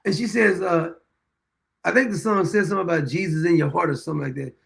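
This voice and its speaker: A middle-aged man hosts his own show and talks through homespun stories with a high-pitched voice and a rough, gravelly edge. He repeats lines for emphasis and breaks into frequent chuckles. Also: quick pace. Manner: chuckles often while telling anecdotes; folksy, repeats phrases for emphasis. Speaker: show host. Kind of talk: casual storytelling monologue.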